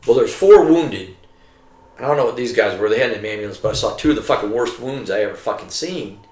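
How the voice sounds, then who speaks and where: A man's voice: on the low side, brisk. A middle-aged army veteran man telling war stories in casual, heavily profane talk, acting out what people said. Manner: heavily profane, animated, acts out quotes. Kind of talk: casual storytelling over drinks. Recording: roomy echo.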